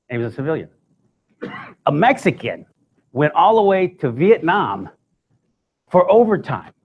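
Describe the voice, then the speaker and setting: A man's voice: a little high, husky. Male guest speaker, conversational, comic storytelling. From United States. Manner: conversational, joking asides.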